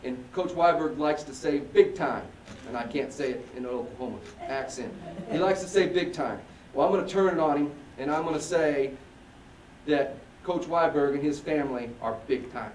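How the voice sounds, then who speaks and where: A man's voice: on the high side, fairly quick, darkish tone, slight background noise. A man, an athletic director, giving a folksy press-conference speech full of thank-yous. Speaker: athletic director introducing a coach. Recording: roomy echo, voice from far off.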